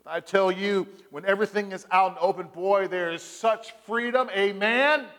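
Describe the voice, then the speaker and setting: A pastor whose voice sits high preaches a sermon at normal speed inside a large hall. His style is call-and-response, prompting the congregation with "Amen?" while animatedly telling stories in quoted voices.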